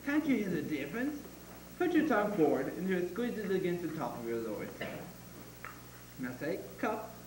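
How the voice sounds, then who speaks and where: A man's voice: high voice, very animated, normal speed, pauses often, a little mellow. A man playing a bossy, pompous phonetics professor. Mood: lecturing. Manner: lecturing, bossy, impatient. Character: pompous middle-aged male phonetics professor, impatient. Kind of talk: stage musical performance. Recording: echoey hall from far off, noisy.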